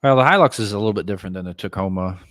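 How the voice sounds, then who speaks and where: A man's voice: on the low side, very fast, a bit bright, no room sound. A man co-hosting a podcast in casual chat, dry and opinionated. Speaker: podcast co-host.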